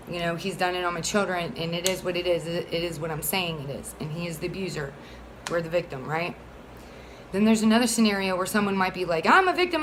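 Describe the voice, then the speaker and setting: A woman's voice: on the low side, a little hiss or hum, poor audio. A woman speaking as a single mother, pleading earnestly for support of a bill in a rambling, heated way full of fillers. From Florida. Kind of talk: casual advocacy monologue.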